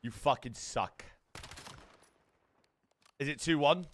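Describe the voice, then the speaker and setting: A man's voice: a little high, takes it slowly, fairly bright tone. A young British man streaming a watch party, chatting casually with his viewers, brash and full of swearing. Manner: brash, swears a lot, banters with chat.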